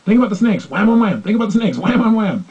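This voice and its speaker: A man doing a bumbling psychologist who chants the same short phrases over and over in a steady rhythm. The voice is husky and raised in pitch, and the sound is dull and lo-fi. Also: fast, full character voice. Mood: chanting. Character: bumbling male psychologist tapping temples. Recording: dull lo-fi recording.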